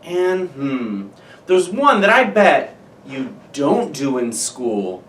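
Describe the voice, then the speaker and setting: Patient teacher in an echoey room. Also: female voice, deep voice, sing-song, slow. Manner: patient, demonstrates each voice type. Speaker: music teacher. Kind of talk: children's lesson, call and repeat. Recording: roomy room from a distance.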